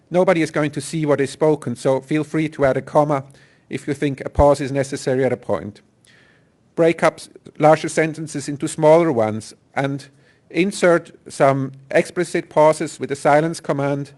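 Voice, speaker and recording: A man's voice: a little high, darkish tone. A man giving a technical conference talk, explaining speech synthesis principles step by step. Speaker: conference presenter. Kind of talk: technical presentation. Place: conference hall.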